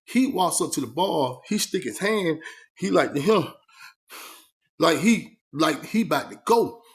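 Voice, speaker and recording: A man recounting a story in a lively, animated way. His voice sits fairly high for a man. He acts out the dialogue, adds sound effects, and leans on fillers like "man" and "you know what I mean.". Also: unhurried. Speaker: vlogger recounting his prison life.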